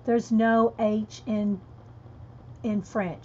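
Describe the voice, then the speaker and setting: A chatty woman with a lilt, talking casually and laughing easily as she answers viewers. Her voice sits a bit high. The stream audio is dull and lo-fi. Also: a little slow, a little hiss or hum. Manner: chatty, laughing, reads chat aloud. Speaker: coloring livestream host. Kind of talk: casual livestream chat.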